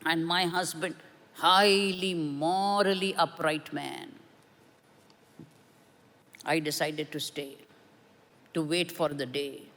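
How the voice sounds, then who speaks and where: A woman preaching a sermon with a personal testimony, earnest and measured, with emphatic rises. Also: deep voice, a bit bright, in a large hall. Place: church.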